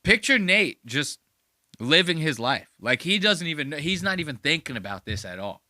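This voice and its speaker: A man hosting a podcast in casual commentary, excitable, slangy and profane. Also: a little high, moderate pace, dry recording, studio quality. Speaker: podcast host.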